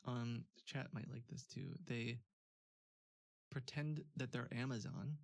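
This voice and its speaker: A man's voice: medium pitch, steady tone, unhurried, gravelly, no room sound. A man hosting a stream, chatting casually, laughing often, with many fillers. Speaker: streamer host. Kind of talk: casual chat.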